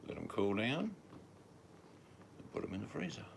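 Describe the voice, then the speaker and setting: A man's voice: medium pitch, creaky, noisy background. A man with an Australian accent, joking in casual live-stream chat. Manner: joking, drawn-out deadpan asides.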